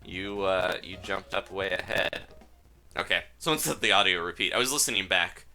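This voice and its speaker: A man's voice: low-pitched, moderate pace, sharp tone, faint music behind. A man casually chatting and rambling while hosting a live gameplay stream, laughing often. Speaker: gaming streamer host.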